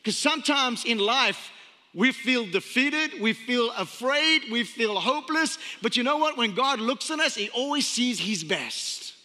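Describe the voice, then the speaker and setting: A man in his thirties preaching a sermon as pastor, chatty and storytelling, repeating phrases and slowing down for emphasis. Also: very high voice, animated, pushed and bright. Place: church sanctuary. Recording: long hall reverb.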